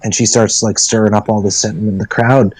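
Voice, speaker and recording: Lively low-voiced man telling a story. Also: a little fast, husky, no room sound, rough recording. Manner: lively storyteller, swearing, jumping into character voices. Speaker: player. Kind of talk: narrating a tabletop storytelling game.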